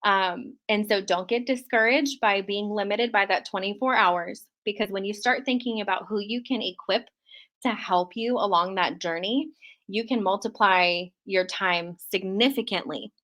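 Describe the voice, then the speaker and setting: A woman's voice: medium pitch, moderate pace, pushed and bright. A woman author who is a guest on a podcast, speaking upbeat and emphatic, laughing often as she gives advice. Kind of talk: casual interview chat.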